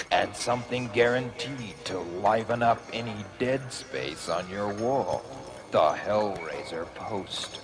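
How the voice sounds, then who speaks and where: A man voicing a spooky horror-merchandise ad announcer with a slow, creepy, menacing delivery, played from an old tape. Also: low voice, heavily acted. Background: music.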